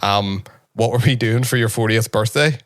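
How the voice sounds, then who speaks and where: A man's voice: on the low side, moderate pace. An Irish man in his late thirties co-hosting a podcast, teasing his guests in a casual way and laughing often. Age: 30s. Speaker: podcast co-host.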